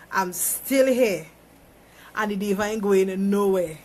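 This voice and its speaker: A woman's voice: medium pitch, steady tone, slow, darkish tone. Emphatic preachy woman on a phone live stream. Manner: emphatic, preachy, repeats phrases for effect. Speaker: small business owner. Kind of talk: motivational live video monologue.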